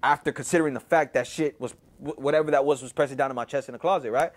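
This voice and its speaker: A man's voice: mid-range voice, fairly even intonation, racing. A man from Houston, telling a personal story in a casual, profane, rambling way, full of "you know" and "right?". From Houston, Texas.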